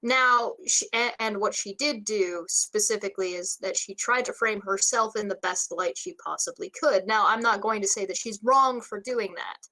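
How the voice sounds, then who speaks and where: A woman in a casual livestream chat, calmly explaining her side point by point. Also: mid-range voice, normal speed, few pauses, low-quality recording.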